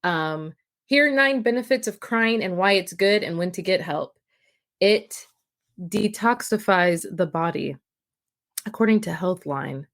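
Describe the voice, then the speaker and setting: A woman co-hosting a podcast as a mental health professional, chatting casually and emphatically, teasing, and briskly reading a list of facts. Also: mid-range voice.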